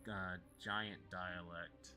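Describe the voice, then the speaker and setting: A man's voice: sits low, steady tone, extremely slow. A man running a tabletop game as game master, loose and joking.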